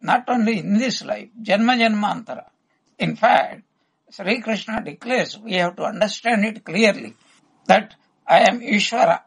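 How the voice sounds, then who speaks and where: Guy, husky gravelly voice, telling old devotional stories slow, keeps clearing his throat. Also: sits high, low-quality recording. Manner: unhurried, retells stories with quoted dialogue, frequent throat clearing. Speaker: spiritual teacher. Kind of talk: devotional discourse with storytelling.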